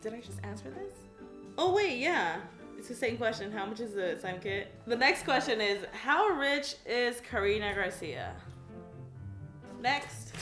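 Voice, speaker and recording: A bubbly YouTube crafts creator, in her twenties and from California, casually reads out questions, says "like" a lot, and giggles at her own answers. Her voice is a little high, animated and fairly bright, at a slightly slow pace. The room is echoey, with soft music playing.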